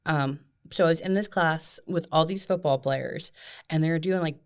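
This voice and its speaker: A woman's voice: low-pitched, normal speed, darkish tone. A middle-aged woman from Ohio, a guest telling school stories in a chatty, self-deprecating way, often laughing. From Ohio, USA. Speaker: guest, school board member. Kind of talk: casual storytelling interview.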